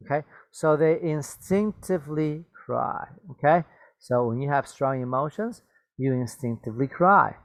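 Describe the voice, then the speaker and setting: Teaching English vocabulary in a bilingual lesson, this man repeats and explains words, drifts into glosses, and keeps asking "okay?" or "right?". He sounds animated and a bit slow, his voice leaning high, with no room sound.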